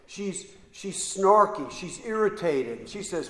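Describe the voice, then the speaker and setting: A middle-aged man preaching a sermon, telling a story slowly with many repeated "and"s and pauses. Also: high-pitched, lively intonation, pushed and bright. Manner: slow, halting storyteller with repeated ands and pauses. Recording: roomy hall with long reverb.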